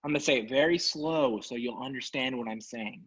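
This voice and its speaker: A man's voice: mid-range voice, brisk, a bit bright, husky. A man co-hosting a sports podcast, ranting in casual talk, sarcastic and exasperated. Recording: dull lo-fi sound.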